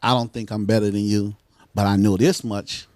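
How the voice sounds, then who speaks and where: A man's voice: on the low side, level tone, normal speed, darkish tone, no echo. An older man, a guest in a casual interview, talking bluntly and swearing often. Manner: blunt, swears a lot, street talk.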